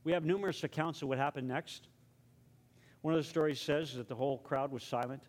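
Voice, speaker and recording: Storytelling male pastor, slightly high voice. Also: steady tone, brisk. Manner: dramatic storytelling, drops to a hushed tone for prayer. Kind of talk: sermon.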